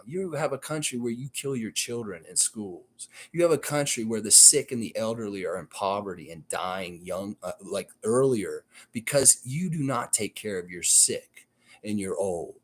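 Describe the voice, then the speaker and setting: A man's voice: lowish voice, normal speed. Fired-up man with a Southern accent. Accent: Southern American. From United States and Canada. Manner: heated, blunt, profane, lecturing. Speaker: streamer reading chat. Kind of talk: casual live-stream rant.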